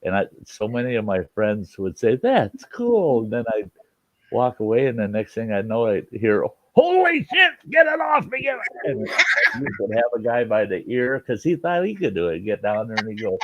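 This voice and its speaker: A man's voice: fairly low pitch, lively intonation, moderate pace, no room sound. A man hosting a late-night live stream. He tells stories in casual chat, laughs often and swears freely. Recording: dull lo-fi stream audio.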